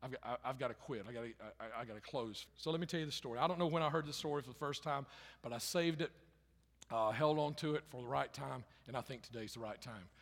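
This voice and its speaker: A pastor preaching a sermon in a conversational way, rising loud for emphasis and dropping quiet and low, repeating phrases. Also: male voice, fast talker. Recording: long hall reverb.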